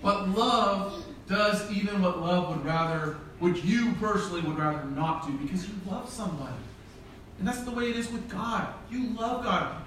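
A man's voice: sits high, normal speed, a bit bright, slight background noise. A middle-aged man preaching a sermon as pastor, telling a humorous story and acting out the dialogue. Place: church sanctuary. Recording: very echoey church hall from far off.

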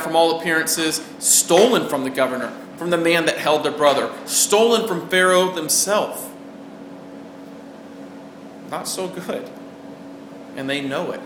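A man preaching a sermon in an earnest way, asking the listeners questions as he goes. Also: a little high. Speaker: pastor. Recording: roomy echo with faint background noise.

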